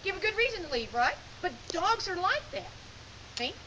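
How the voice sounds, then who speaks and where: A woman's voice: very high-pitched, very animated, normal speed, bright, forceful tone, lo-fi sound, slight background noise. A woman teaching a sheepdog handling lesson outdoors in a field, talking in a folksy, direct way and giving short commands. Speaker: sheepdog training instructor. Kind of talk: hands-on coaching lesson.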